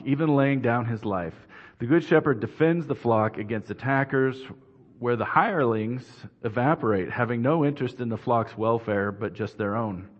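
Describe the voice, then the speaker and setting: Male preacher in a reverberant hall. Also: mid-range voice. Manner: measured, earnest expository preaching. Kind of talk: sermon. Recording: dull, reverberant hall recording.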